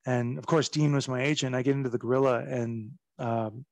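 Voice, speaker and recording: A man telling backstage stories as a guest in a casual interview, animated and profane, laughing as he goes. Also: mid-range voice, a little fast, gravelly, no room sound. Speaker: guest recounting his wrestling career.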